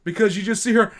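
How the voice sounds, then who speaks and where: Casual chat comes from a man running a reaction stream, his fairly high voice a bit bright through a streaming mic. He rambles, mocks himself, and leans heavily on filler words like "um."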